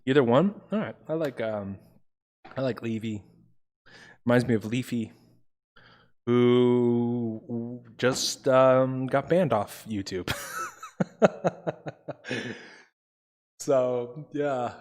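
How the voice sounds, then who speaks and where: A man's voice: mid-range voice, drawn-out words, long pauses, a little mellow. A young man tutoring on a live study stream, casual and chatty, talking to his viewers as bros. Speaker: online tutor.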